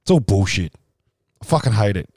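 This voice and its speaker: A young Australian man co-hosting a podcast in casual chat, swearing and delivering animated hot takes. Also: fairly low pitch, brisk, gravelly, slightly rough, no room sound, clean studio sound. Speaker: podcast co-host.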